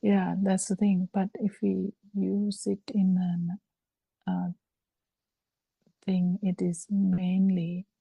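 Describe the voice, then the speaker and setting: A woman giving a slow, halting Buddhist dharma talk over a video call, with frequent fillers. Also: mid-range voice, completely flat delivery, creaky, dark tone, husky, no echo, rough recording. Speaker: Buddhist teacher.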